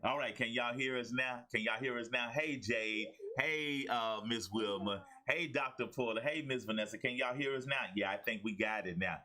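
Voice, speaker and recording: A man's voice: medium pitch, moderate pace, few pauses, pushed and bright. A man hosting a live-streamed talk show, greeting each guest by name and chatting in a friendly way. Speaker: show host.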